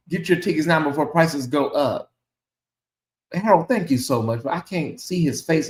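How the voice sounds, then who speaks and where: A man hosting his own livestream, chatting casually and reacting out loud to messages from viewers. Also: on the high side, roomy sound, poor audio. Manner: chatty, animated, reacts aloud to comments. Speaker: channel host.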